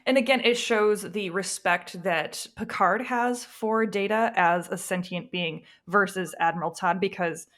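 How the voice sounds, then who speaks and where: A woman co-hosting a casual podcast chat, chatty and quick to laugh. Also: mid-range voice, fairly even intonation, fairly bright tone. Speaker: podcast co-host.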